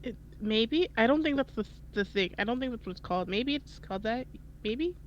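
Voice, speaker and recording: A woman's voice: a little high, lively intonation, fairly quick, highs cut off, a little hiss or hum. Giggly woman groping for words. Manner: giggly, trailing off while searching for words. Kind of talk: casual group chat.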